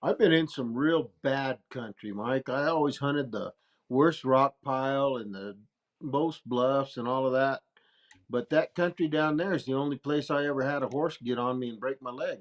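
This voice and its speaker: A man's voice: mid-range voice, normal speed. A plainspoken man telling a hunting story in a casual, salty way. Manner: plainspoken, salty, laughs at himself. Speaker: guest storyteller.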